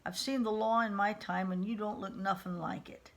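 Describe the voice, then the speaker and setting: A woman's voice: medium pitch, fairly even intonation, close to an everyday voice. A woman reading aloud, voicing a scrawny, sassy young girl with a hollow voice who drops her H's. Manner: sassy, quick retorts. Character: scrawny, snaggle-toothed, brash young girl, sassy and streetwise.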